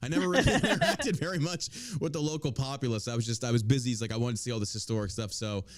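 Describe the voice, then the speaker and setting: A man's voice: medium pitch, expressive, racing, no room sound, clean studio sound. A man hosting a podcast, chatting casually with crude jokes, profanity and frequent laughter. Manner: joking, profane, laughs often. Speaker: podcast host.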